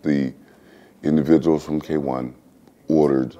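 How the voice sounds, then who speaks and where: An American man in his forties, a former fighter, tells a casual anecdote as an interview guest. His very low voice is mellow and relaxed, and he speaks unhurriedly yet animatedly, doing exaggerated voices for other people in the story. The sound is lo-fi.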